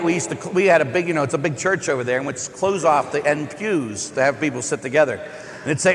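A man who is a Catholic priest, giving a conversational homily as a joking, animated storyteller. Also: mid-range voice, a little fast. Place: large church. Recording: echoey church with long reverb.

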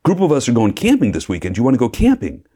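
A man's voice: medium pitch, huge pitch swings, very fast, dark tone, husky, pitched above the performer's own voice. A man quoting a breezy young college woman.

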